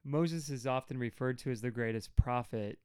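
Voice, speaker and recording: A man in his thirties co-hosts a casual Bible study chat. He has a smooth, resonant voice on a dry, close recording. He talks with animation and throws himself into acted-out quotes. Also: mid-range voice, normal speed, no room sound. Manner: animated, acts out quotes with sudden loud jumps. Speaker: podcast co-host.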